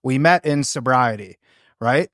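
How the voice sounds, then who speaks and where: A man's voice: mid-range voice, unhurried, fairly bright tone, no room sound, clean studio sound. A man around forty hosting a podcast, speaking earnestly and loosely. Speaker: podcast host. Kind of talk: podcast interview.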